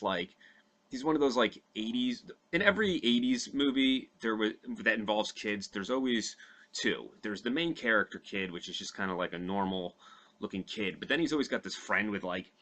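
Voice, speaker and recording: Rambling, profane man with a bright voice. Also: on the low side. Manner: rambling, profane, many fillers. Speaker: podcast host recounting a movie from memory. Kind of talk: casual comedic retelling.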